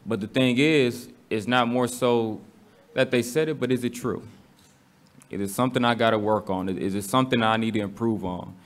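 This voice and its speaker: A man's voice: medium pitch, moderate pace. A man with a casual, slangy manner, teaching a Bible study to a congregation and asking the room questions.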